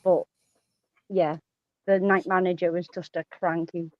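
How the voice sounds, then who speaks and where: A woman's voice: lowish voice, little pitch movement, measured pace, dry recording. A woman in casual chat, giggly and blunt, often chiming in. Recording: dry, muffled sound.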